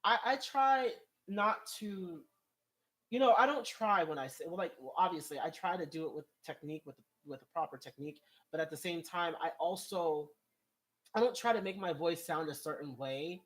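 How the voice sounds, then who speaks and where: A man's voice: a little high, normal speed, fairly bright tone. A man vlogging in casual commentary, reading viewer comments and rambling in an exasperated way. He laughs often, and his voice rises when he gets worked up.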